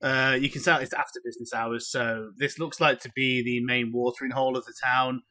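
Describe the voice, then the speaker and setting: A man narrating a tabletop game as game master, relaxed and chatty, with many filler words. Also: mid-range voice, brisk.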